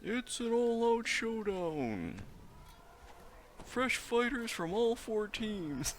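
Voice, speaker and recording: Showman arena announcer, put on by a man: raised pitch, stretched phrasing, noisy bed. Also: full character voice. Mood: hyping. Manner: slow, drawn-out hype. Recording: steady background noise.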